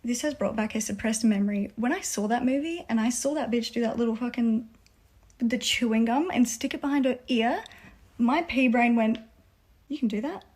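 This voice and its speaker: A woman's voice: fairly high pitch, moderate pace, darkish tone, breathy edge. A woman telling an embarrassing childhood story in a wry, self-mocking way. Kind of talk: casual storytime video.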